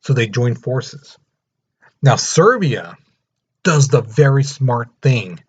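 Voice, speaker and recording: Male history teacher, animated storyteller, husky, lo-fi recording. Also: mid-range voice, slow. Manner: animated, storytelling, acting out the countries. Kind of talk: casual recorded lesson. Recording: muffled lo-fi recording.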